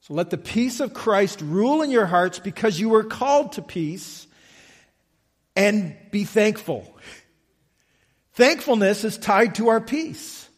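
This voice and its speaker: A man preaching a sermon, slow and emphatic, often checking in with the listeners. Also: sits high, animated, big-room sound. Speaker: pastor.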